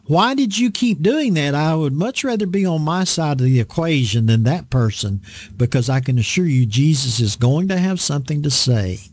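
Folksy preacher guy, lively up-and-down voice, really leans on his points. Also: mid-range voice, normal speed, no room sound. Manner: folksy, emphatic, repeats phrases for effect. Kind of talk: conversational sermon.

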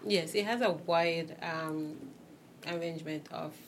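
A woman's voice: low voice, a little slow, slight background noise. A woman guest in a casual interview chat, mostly giving brief agreeing replies.

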